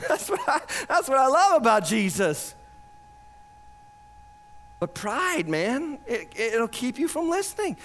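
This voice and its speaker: A man preaching a sermon as pastor, emphatic and animated, with bursts of shouting. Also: extremely high pitch, takes it slowly, long pauses, slight background noise.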